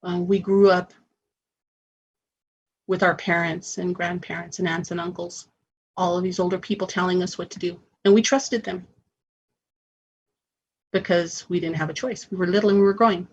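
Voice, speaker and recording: A woman's voice: fairly low pitch, fairly even intonation, normal speed, pauses often, lo-fi sound, a little hiss or hum. A woman hosting a spiritual self-help radio show, talking in an earnest, encouraging way.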